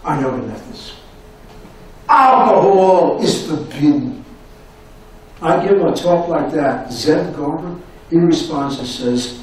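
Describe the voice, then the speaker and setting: An older man giving a university lecture, telling stories in an animated way and repeating his phrases. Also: on the high side, unhurried, far from the mic, a little hiss or hum. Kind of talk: anecdotal lecture storytelling. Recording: echoey room recorded from afar.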